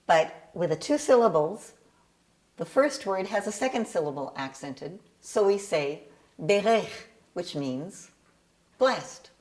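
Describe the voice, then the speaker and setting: A woman's voice: on the low side, animated, unhurried, a little mellow. A woman who tutors bar and bat mitzvah students in cantillation, patiently explaining her teaching method and singing short examples.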